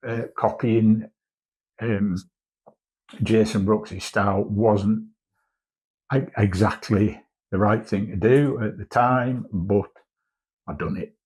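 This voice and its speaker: A man's voice: fairly low pitch, steady tone, takes it slowly, long pauses, darkish tone, breathy edge. A man in his fifties, a commercial artist, chatting casually and rambling through a vlog, swearing now and then. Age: 50s.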